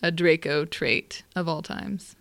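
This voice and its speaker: A young adult woman co-hosting a podcast, chatting casually and explaining word origins slowly and carefully. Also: deep voice, vocal fry, no echo. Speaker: podcast co-host. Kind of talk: casual chat.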